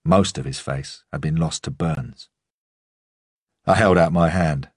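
A man reading a first-person crime story as an audiobook narrator, in a measured, steady storytelling manner. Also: a bass voice, husky, dry recording, clean studio sound.

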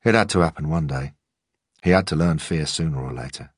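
A man reading a first-person story aloud in a calm, measured way. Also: very deep voice, slightly rough, no room sound, clean studio sound. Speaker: audiobook narrator. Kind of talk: first-person audiobook narration.

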